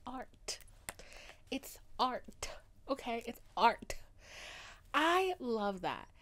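A woman's voice: on the high side, very animated, very slow, fairly bright tone, a little hiss or hum. A young adult woman hosting a solo podcast, talking in an overdramatic, gushing and profane way. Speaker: podcast host. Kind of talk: casual solo podcast monologue.

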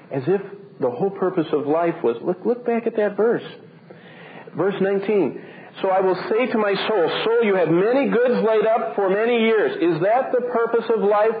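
A man delivers a sermon from the pulpit, animated and emphatic, rising to high peaks before dropping soft and low. The recording is thin and phone-like, with a faint hiss underneath. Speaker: pastor. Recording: tinny phone-like band, faint noise.

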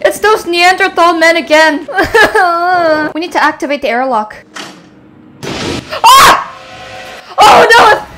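Here the young woman's voice is extremely high and lively in its intonation, her pace a little slow. Playing a horror game, she screams at the frights and teases the creatures in jest. The audio is very noisy, with loud game music under her voice.

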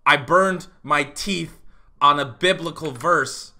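A man's voice: fairly high pitch, slow, pushed and bright. A man hosting a live stream, casually chatting and improvising playful rhymes for subscribers. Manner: playful, jokey, hypes up rhymes. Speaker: livestream host.

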